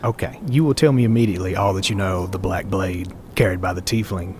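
A man's voice: deep voice, steady tone, fast, noisy background, natural voice. A man voicing a polite but menacing older male cult agent who calls the hero "lad". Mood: cold. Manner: polite, calling others "lad".

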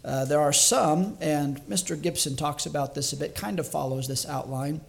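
Male evangelist with a fairly high voice, preaching in a thoughtful, measured way and thinking aloud. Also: gravelly. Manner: reflective and measured, slowing down to stress key words; thinks aloud with small restarts. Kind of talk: sermon.

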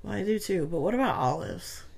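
A woman co-hosts a casual podcast while getting over a cold. Her voice is hoarse and gravelly with fry, but she keeps up a playful, bubbly banter. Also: on the low side, animated, a little fast, a little mellow. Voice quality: croaky, gravelly. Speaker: co-host. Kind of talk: casual chat.

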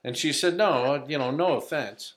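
A man's voice: on the high side, moderate pace, fairly bright tone. A man who is a comedian, a guest on a podcast, telling profane stories in casual chat and acting out the quotes. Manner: profane, storytelling, acts out quotes.

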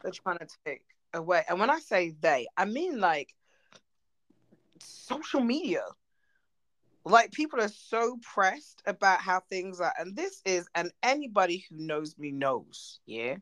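Woman, podcast co-host, blunt, swears a lot, low-pitched, dry sound. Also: measured pace, no room sound, poor audio. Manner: blunt, animated, swears freely. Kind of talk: casual chat.

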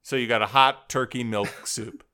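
Comedy podcast co-host, male, bright and clear-toned, sarcastic riffing delivery. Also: mid-range voice, steady tone, moderate pace. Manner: riffing, sarcastic, mock ad voices. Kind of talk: casual comedic chat.

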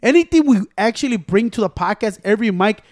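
A man co-hosting a podcast, a rambling, animated storyteller who mixes English and Spanish. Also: high-pitched, fast, dry recording, studio quality. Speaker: podcast co-host. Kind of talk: casual chat, switching between English and Spanish. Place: small room, podcast recording.

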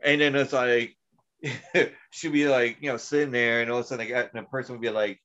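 A man's voice: medium pitch, fairly even intonation, fairly quick, pushed and bright. Rambling lo-fi podcast host, a man. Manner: rambling storyteller, lots of fillers and swearing. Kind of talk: casual podcast chat.

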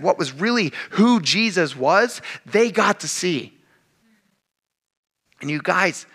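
A man preaching a casual, animated sermon to his congregation, acting out quick asides as he goes. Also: a little high, gravelly, slightly rough. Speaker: pastor.

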